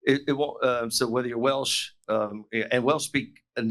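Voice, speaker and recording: A man's voice: medium pitch, steady tone, moderate pace, a bit bright. An American man from South Florida, a guest on a podcast, chatting casually and rambling with many restarts. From South Florida, USA. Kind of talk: casual chat. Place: remote call from the UK.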